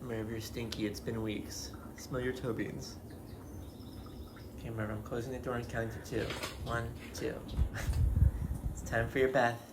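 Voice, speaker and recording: A woman's voice: very deep voice, level tone, measured pace, long pauses, noisy background. A woman talking to her cat at home in playful, teasing baby talk, giggling often. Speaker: pet owner.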